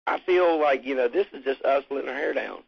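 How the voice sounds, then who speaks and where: A man's voice: mid-range voice, brisk, gravelly, husky. A man being interviewed about his band, talking in a rambling, laid-back way with casual swearing. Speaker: musician interviewee. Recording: muffled lo-fi recording.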